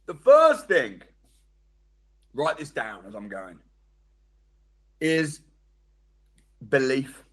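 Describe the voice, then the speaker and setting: At a live motivational seminar, a man with a slightly high voice speaks extremely slowly with frequent pauses. He's animated, questioning the audience directly and acting out the inner voices he describes.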